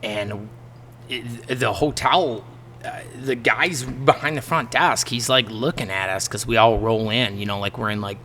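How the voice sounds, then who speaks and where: A man's voice: mid-range voice, a little slow, a little hiss or hum. A man, a musician guest on a podcast, telling stories casually and acting out the people in them. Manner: animated, laughs often, acts out the people in his stories. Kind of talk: casual storytelling in a podcast interview.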